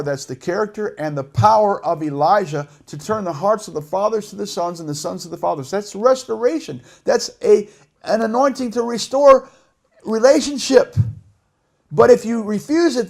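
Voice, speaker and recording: A middle-aged man preaching a sermon with passion, dropping to a hush and then rising to shouts. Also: sits high, moderate pace, gravelly. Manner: impassioned preaching, swinging between hushed and shouted.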